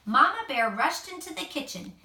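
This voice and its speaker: A mother reads a storybook aloud to her child at home, expressive and patient. Her voice is high and bright with a lively, animated lilt, and it echoes in a room from some distance. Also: normal speed. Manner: expressive, gentle asides to the child. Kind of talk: reading a picture book aloud.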